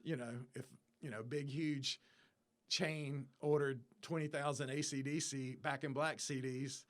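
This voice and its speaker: As an interview guest, a man in his fifties tells his story in easy, casual talk, with a medium-pitched, unhurried voice. He is an animated storyteller who acts out the people involved and drops into their lines as he goes.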